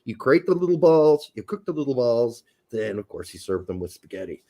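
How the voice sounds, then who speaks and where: A man's voice: mid-range voice, very animated, fairly quick, warm tone. A man co-hosting a casual podcast, joking and swearing while drinking beer and talking cooking. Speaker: podcast co-host.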